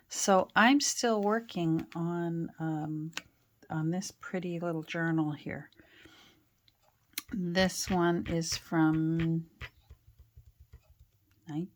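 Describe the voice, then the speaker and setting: Slow-talking woman chatting while crafting. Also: lowish voice. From Canada. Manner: chatty, rambling with fillers and restarts. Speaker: craft vlogger. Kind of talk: casual chat while crafting. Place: home craft studio.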